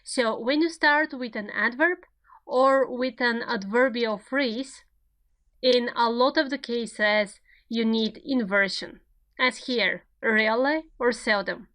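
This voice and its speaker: A woman delivers a recorded grammar lecture. She takes her time, speaking slowly and setting each example sentence out with care. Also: on the high side, a bit bright. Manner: slow, deliberate, spelling out each example. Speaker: grammar teacher.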